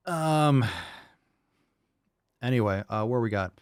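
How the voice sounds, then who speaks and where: Man, middle-aged, fitness host, blunt and cussing, mid-pitched voice, very dry close sound. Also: lively intonation, a little fast, a little mellow, dry recording. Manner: blunt, profane, mocking put-on voices. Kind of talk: livestream chat reading comments.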